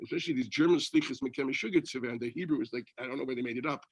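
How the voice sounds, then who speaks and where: A man's voice: mid-range voice, very fast. A man teaching a Torah class, talking conversationally and asking and answering his own questions. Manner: conversational, asks and answers his own questions, mixes Hebrew and Yiddish terms. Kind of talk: Torah lecture.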